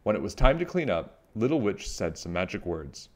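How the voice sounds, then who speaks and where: A man reading a children's book aloud, animated and expressive with playful sound effects. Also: lowish voice, normal speed. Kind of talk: storybook read-aloud.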